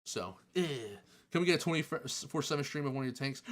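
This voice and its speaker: A man casually answering chat questions on a live stream, chatty and excitable, joking and laughing often. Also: on the high side, fairly quick.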